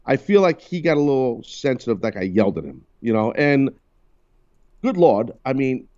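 A man's voice: medium pitch, big pitch swings, normal speed, darkish tone, highs cut off. A man hosting a radio talk show, chatting loosely and teasing his co-hosts. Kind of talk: casual on-air banter.

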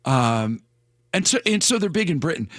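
A man's voice: fairly high pitch, big pitch swings, normal speed, fairly bright tone, no room sound, clean studio sound. A man hosting a morning radio show, chatting casually and rambling with repeated words.

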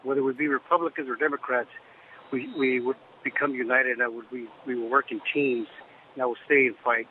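A man's voice: medium pitch, steady tone, brisk, slight background noise. A man calling in to a radio show over the phone, earnest and polite. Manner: earnest and polite, says sir. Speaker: radio caller. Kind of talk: phone-in call. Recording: phone line.

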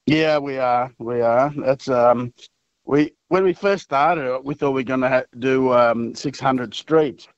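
Relaxed, halting man on a line. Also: medium pitch, no echo, dull audio. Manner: relaxed, halting, laughs easily. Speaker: guest, city mayor. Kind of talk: casual radio chat.

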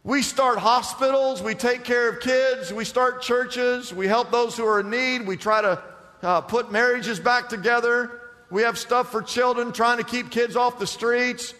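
A man's voice: very high voice, fairly even intonation, measured pace, sharp tone, in a large hall. A man preaching a sermon as pastor, emphatic and firing off rhetorical questions to the congregation.

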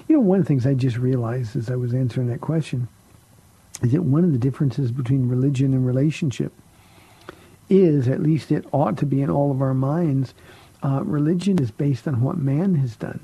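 A man's voice: mid-range voice, dark tone, slightly rough, rough recording. A middle-aged man, a pastor hosting a call-in radio show, answering Bible questions and telling stories with many fillers and restarts.

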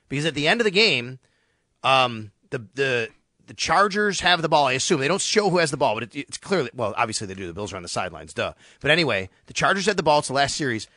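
A man hosts a sports talk show with a bright, forceful voice. He tells stories in a lively way and acts out the lines he quotes. The sound is dry and close. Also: on the high side, dry recording. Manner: animated storytelling, acts out quotes. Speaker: sports radio host.

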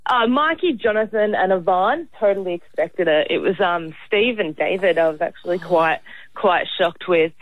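A woman's voice: fairly low pitch, expressive, moderate pace, dry recording, narrow, tinny audio. A woman from Victoria, chatting as a radio guest and filling her talk with "like" and "um". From Victoria, Australia. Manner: chatty, lots of fillers. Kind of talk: casual phone-in chat.

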